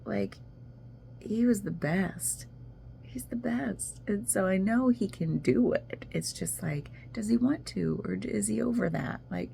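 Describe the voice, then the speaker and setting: A woman's voice: medium pitch, a little slow, gravelly, dark tone, a little hiss or hum. A woman talking casually in a video journal, rambling and emotional as she confides personal news. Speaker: vlogger.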